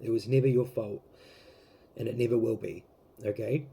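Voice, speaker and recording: A man giving a casual tarot reading to camera, rambling with many fillers and gently emotional, close to tears. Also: medium pitch, fairly even intonation, normal speed, gravelly. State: teary, close to crying. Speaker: tarot reader.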